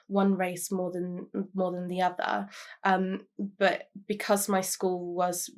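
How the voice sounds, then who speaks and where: Young woman, earnest, reflective, mid-pitched, speaking to camera. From London, England. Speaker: interviewee. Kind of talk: personal testimony to camera.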